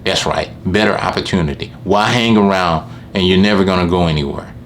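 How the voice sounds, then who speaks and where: A man's voice: low voice, fairly quick, fairly bright tone, a little hiss or hum. A man who runs a lawn care business, telling a rambling story to camera and often repeating what he said.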